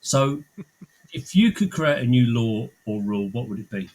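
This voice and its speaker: A man hosting a podcast, asking questions and making dry, deadpan quips in a casual chat. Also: medium pitch, normal speed, rough recording. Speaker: podcast host.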